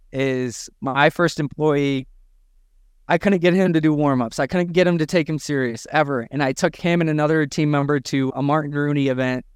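Male podcast co-host, punchy, coaching tone, smooth voice on a dry mic. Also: a little high, no room sound. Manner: emphatic, preachy, acts out quotes. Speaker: podcast co-host, gym owner. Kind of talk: energetic business podcast talk.

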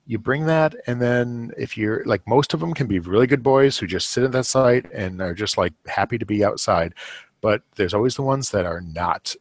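A middle-aged man hosts a podcast, his voice on the low side with no echo. He chats casually and rambles, filling his talk with fillers and chuckles.

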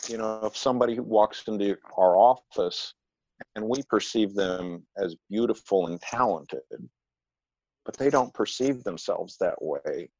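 A man, a psychotherapist, explaining his practice in measured conversation and telling anecdotes with quoted dialogue. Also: lowish voice, no room sound, muffled recording. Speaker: psychotherapist guest.

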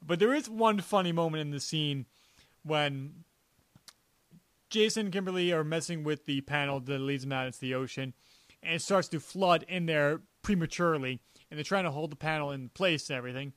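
High-voiced man, rambling podcast chat. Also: brisk, a bit bright, dry recording. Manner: rambling, laughing, sarcastic, many "like"s. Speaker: podcast co-host. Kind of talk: casual chat.

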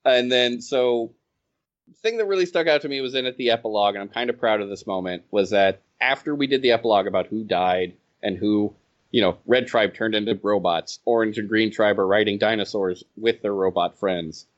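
A man telling stories from running his game in a casual podcast chat, animated and laughing as he goes. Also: fairly low pitch, a little fast. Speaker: game designer and organizer. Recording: slightly dull, lo-fi audio.

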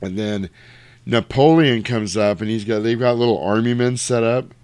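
A man casually retelling a comedy film for a podcast, acting out the lines in high put-on voices and laughing often. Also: normal speed, clean tone, no room sound. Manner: animated storyteller, acts out quotes in high voices, laughs often. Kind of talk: casual movie recap chat.

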